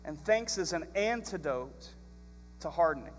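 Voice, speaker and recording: A man preaching a sermon as pastor, telling stories in a lively, animated way. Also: a little high, moderate pace, long reverb tail, a little hiss or hum. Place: church sanctuary.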